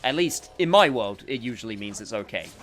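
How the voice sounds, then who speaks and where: This man, commentating on his own gameplay, has a mid-range, slightly bright voice that is brisk and expressive. His let's-play talk is casual and meandering, thick with fillers, and he keeps interrupting himself.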